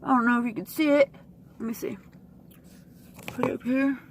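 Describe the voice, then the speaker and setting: A woman vlogger venting to her camera, frustrated and swearing, with sighs and pauses. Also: fairly high pitch, steady tone, background noise.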